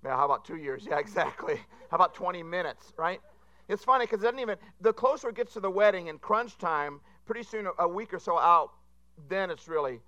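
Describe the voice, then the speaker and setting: Male pastor, sermon delivery, self-deprecating humor, high and bright. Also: animated, brisk, highs cut off. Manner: rambling, self-deprecating joke-telling.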